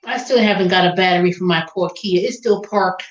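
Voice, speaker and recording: Animated woman chatting in a roomy, dull room. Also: on the low side, brisk. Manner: animated, acts out callers in quoted voices. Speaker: podcast host; phone sales agent. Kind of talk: casual chat and storytelling.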